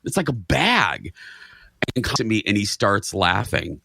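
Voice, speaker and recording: A man's voice: fairly low pitch, sing-song, measured pace, vocal fry, sharp tone, no room sound, studio quality. A man telling a story in casual chat as a guest, acting out his own reactions. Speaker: guest, radio and TV host.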